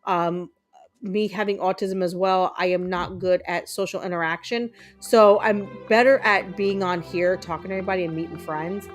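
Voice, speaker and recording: A woman's voice: fairly low pitch, steady tone, moderate pace, poor audio. Chatty woman streamer, faint music behind. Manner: chatty, upbeat, many ums. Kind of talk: casual chat while gaming.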